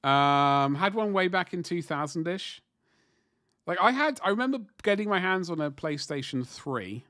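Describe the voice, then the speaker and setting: A man's voice: sits high, lively intonation, moderate pace, sharp tone, clear, resonant tone, no echo, clean studio sound. Rambling man in his forties. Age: 40s. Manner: rambling, self-deprecating, answers chat. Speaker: miniature painting streamer. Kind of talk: casual livestream chat.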